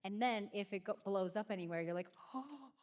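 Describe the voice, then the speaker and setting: Backstage at a concert venue, a singer in her thirties answers fan questions in a casual Q&A. She's a fast talker with a medium-pitched, fairly even voice, rambling animatedly with many fillers, and the recording has a big-room sound.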